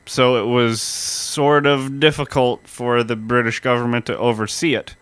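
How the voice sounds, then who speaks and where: Bright, clear-voiced male podcast host. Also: mid-range voice, flat delivery, moderate pace, no room sound. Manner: explains history step by step in a storytelling way. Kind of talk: casual history podcast chat.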